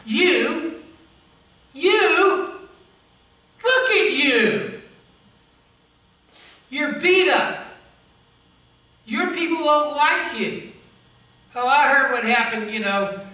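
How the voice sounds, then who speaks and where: A man's voice: extremely high pitch, very animated, slow, long pauses, pushed and bright, pitched above the performer's own voice, full character voice. A man voicing a scornful male Roman governor who mocks a prisoner with contempt. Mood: contemptuous. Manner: sneering, contemptuous. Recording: echoey church from far off.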